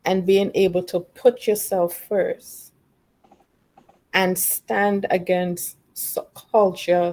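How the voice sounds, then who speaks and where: Woman talking real slow, gravelly, warm dark tone, thoughtful. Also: fairly low pitch. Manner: reflective, long run-on sentences. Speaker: participant. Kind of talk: casual group discussion.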